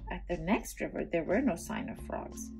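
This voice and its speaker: A woman reading a children's storybook aloud, pausing for gentle asides to young listeners. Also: on the low side, expressive, over music. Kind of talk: children's read-aloud narration.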